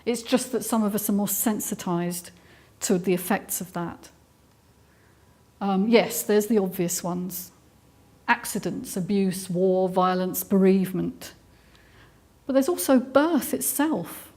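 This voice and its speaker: A woman's voice: mid-range voice, slow, mellow. Earnest English woman giving a live talk. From England. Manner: earnest and explanatory, with frequent ums and restarts. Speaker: speaker giving a talk on trauma. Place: hall with a live audience.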